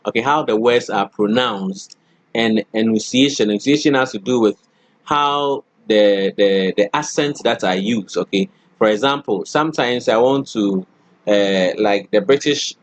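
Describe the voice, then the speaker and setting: A man's voice: fairly low pitch, a little slow, no room sound. A middle-aged man lecturing a college class, often checking in with "okay" and "all right" and acting out spoken examples.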